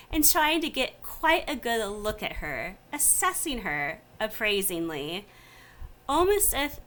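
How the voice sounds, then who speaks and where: A woman's voice: on the high side, a bit bright. A woman narrating a tabletop game as game master in a playful, descriptive way.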